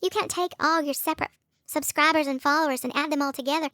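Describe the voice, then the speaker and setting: A woman rants at two people, scolding and sarcastic, mocking them in shrill put-on voices. Her voice sits high. The sound is dry and close, with no room around it. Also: steady tone, fast talker, bright, forceful tone, no room sound. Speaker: YouTube commentator. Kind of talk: confrontational call-out rant.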